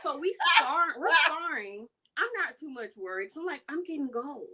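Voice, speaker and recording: Animated storytelling woman, bright voice. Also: moderate pace. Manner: animated, acts out quotes with big pitch jumps. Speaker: self-defense business owner, guest. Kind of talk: casual storytelling chat.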